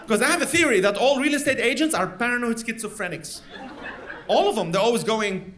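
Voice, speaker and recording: A man from Lebanon, doing a stand-up comedy set in a live venue with lively, animated storytelling. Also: extremely high pitch, brisk, slight background noise. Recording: live stage recording, loud audience laughter.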